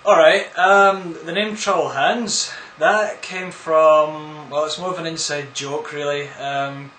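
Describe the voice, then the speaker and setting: A man's voice: on the high side, fairly even intonation, slow pace, a bit bright, slight background noise. A man answering viewer questions in a casual, rambling vlog, full of crude, absurd jokes. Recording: echoey room.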